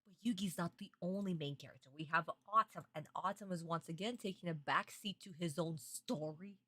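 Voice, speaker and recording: A woman's voice: on the low side, a little fast, bright, forceful tone. A woman streamer reacting live to a cartoon, exasperated and dramatic, swearing often and repeating phrases in bursts.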